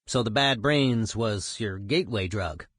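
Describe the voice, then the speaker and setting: A man's voice: fairly low pitch, a little slow, a bit bright, no echo, clean studio sound. A man voicing a male music journalist who asks short, probing questions.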